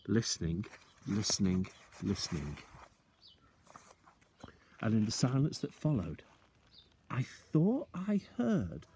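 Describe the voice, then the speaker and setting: Breathy, expressive man reading aloud. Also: mid-range voice. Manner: expressive, slows down for suspense. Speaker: teacher. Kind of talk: reading a children's book aloud.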